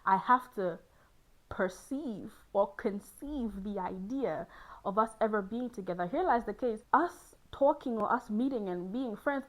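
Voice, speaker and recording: Young woman, casual host chat, animated, laughing, fairly high voice. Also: low-quality recording. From Ghana. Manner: animated, laughs often, jumps into high squealing exclaims.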